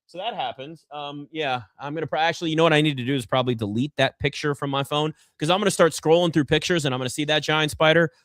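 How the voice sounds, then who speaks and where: A man's voice: fairly high pitch, quick pace, few pauses, fairly bright tone, no room sound. A man hosting a live basketball draft show from a garage set, chatting casually and rambling with self-deprecating asides. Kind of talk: casual live sports chat.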